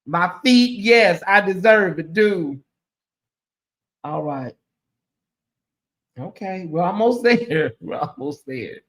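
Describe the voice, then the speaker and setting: A man's voice: a little high, pushed and bright. A man hosting a casual livestream, chatty and emotional, sounding sleepy as he thanks viewers by name. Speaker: livestream host.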